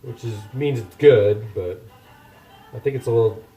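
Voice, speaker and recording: A man's voice: mid-range voice, moderate pace, warm tone, echoey room, soft background music. A man chatting casually to his viewers while cooking in a home kitchen, rambling and poking fun at himself. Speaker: cooking streamer. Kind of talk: casual cooking chat with live chat.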